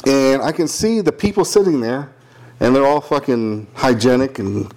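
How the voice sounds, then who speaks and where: Here a young man of medium pitch and ordinary pace narrates a long tale as a podcast co-host. It's casual talk full of cursing, and he animatedly voices the people in the story.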